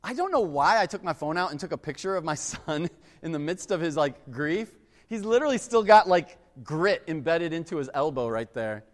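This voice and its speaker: A pastor gives a loose, conversational sermon, telling family stories and acting out the scenes as he goes. His voice sits a little high for a man. It rings with the long reverb of a large hall. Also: expressive, moderate pace. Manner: chatty, uses "like" a lot, acts out family scenes. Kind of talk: casual storytelling sermon.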